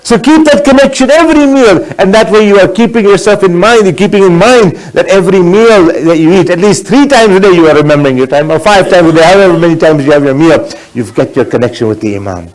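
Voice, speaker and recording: A man's voice: high-pitched, animated, fast, hardly any pauses, rough recording. A man giving a sermon as a sheikh, earnest and exhorting, mixing in Arabic religious phrases.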